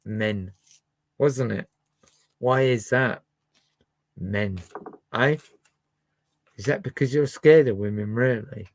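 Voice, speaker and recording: A man's voice: on the low side, takes it slowly, pauses often, no echo. A man chatting and musing as host of a livestream where he plays records. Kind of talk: casual chat to a live chat.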